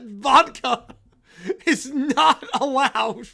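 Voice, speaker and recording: A woman hosting a livestream, giving excitable live reaction commentary full of exclamations. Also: high voice, slow, vocal fry. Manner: animated, excitable, breaks into exclamations. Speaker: livestream host.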